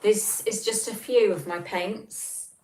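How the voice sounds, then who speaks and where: A woman's voice: medium pitch, fairly even intonation, takes it slowly, darkish tone. A woman with an English accent hosting a casual livestream at home, reading comments and chatting with lots of ums, recorded on a tablet on a table. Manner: chatty, rambling with many ums. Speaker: livestream host.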